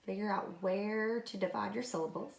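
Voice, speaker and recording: A woman's voice: mid-range voice, fairly even intonation, moderate pace, creaky. A woman teacher giving a recorded phonics lesson to young pupils, patiently repeating each word. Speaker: third grade teacher.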